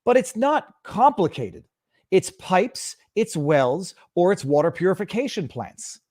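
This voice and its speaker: Man, livestream host, sarcastic political rant, fairly high voice, rising outrage. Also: very animated, unhurried, a little mellow.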